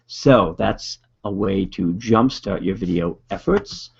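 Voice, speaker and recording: A man's voice: deep voice, slow, gravelly, husky, muffled recording. A man with a Boston accent presenting a video marketing webinar in a casual, upbeat coaching manner.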